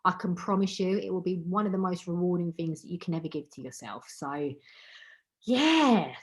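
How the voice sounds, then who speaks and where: A woman's voice: on the low side, expressive, moderate pace. Earnest woman hosting a video call. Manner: earnest, emotional, repeats words for emphasis. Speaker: host of an online women's wellbeing meeting. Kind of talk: heartfelt motivational talk on a video call.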